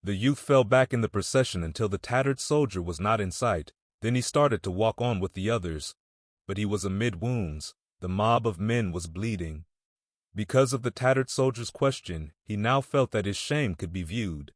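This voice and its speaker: A male narrator reads a classic novel aloud in a measured, steady manner. His voice sits low, and the sound is dry and close, with no room around it. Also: no room sound. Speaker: audiobook narrator. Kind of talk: audiobook reading of a classic novel.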